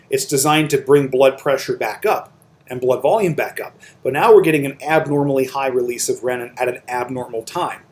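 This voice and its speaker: A man's voice: medium pitch, darkish tone. Man lecturing step by step. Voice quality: explains step by step with tag questions like "right?" and "okay?". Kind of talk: recorded lecture over slides.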